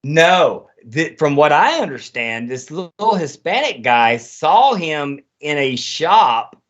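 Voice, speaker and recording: A man's voice: a little high, big pitch swings, takes it slowly, hardly any pauses, fairly bright tone. A man hosting a podcast in casual conversation, talking emphatically with a lot of profanity. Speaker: podcast host. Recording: dull lo-fi audio.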